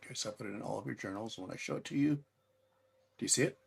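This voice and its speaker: A man's voice: on the low side, rapid-fire, vocal fry, background noise. A man running a tabletop game as game master, explaining rules and correcting himself as he goes.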